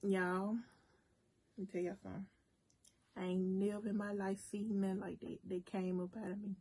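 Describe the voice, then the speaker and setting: A woman vlogger telling a story casually to her viewers, animated and talking straight to them. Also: medium pitch, normal speed, slight background noise. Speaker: cooking and mukbang vlogger. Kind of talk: casual storytime while eating.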